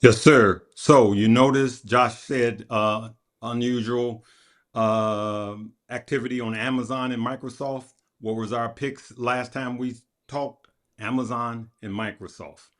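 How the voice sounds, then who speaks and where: A man, a guest stock commentator, chatting casually about his picks and telling a funny story in an animated way. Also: medium pitch, takes it slowly. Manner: animated storyteller, laughing retelling. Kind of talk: casual group chat on stocks.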